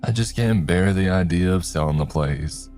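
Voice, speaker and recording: A man voicing a folksy older man in a cowboy hat, a drawling, friendly property owner who talks slowly. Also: low voice, a little mellow, soft background music, lightly acted. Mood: wistful.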